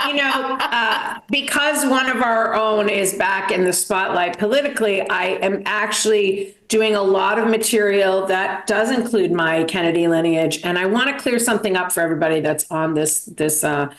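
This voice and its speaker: Bostonlu, kendini tiye alan kadın komedyen. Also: female voice, medium pitch, moderate pace, few pauses, a bit bright, reverberant. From Massachusetts. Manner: self-deprecating, dramatic storytelling with many fillers. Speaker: stand-up comedian. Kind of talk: stand-up comedy set. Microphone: video call.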